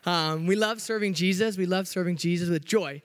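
A young man preaching a sermon as a youth pastor in church, hyper and upbeat, joking with the congregation while trying to slow down. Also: sits high. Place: church sanctuary.

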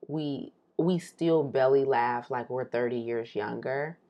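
A woman co-hosting a podcast in casual chat, talking in an animated, rambling way and laughing often. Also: very deep voice, takes it slowly, highs cut off. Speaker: podcast co-host. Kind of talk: casual chat, imagining the future.

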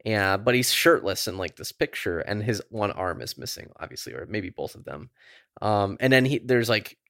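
Male podcast co-host, deep-ish voice, rambling casual delivery, dry room. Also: animated, moderate pace, creaky, a bit bright, dry recording. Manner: rambling, filler-heavy, laid-back. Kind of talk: casual chat.

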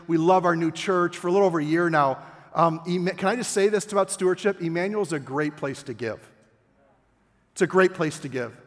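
Impassioned older male preacher, high voice. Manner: impassioned, rising to near-shouts at key points. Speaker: pastor. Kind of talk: sermon. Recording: long hall reverb with faint music.

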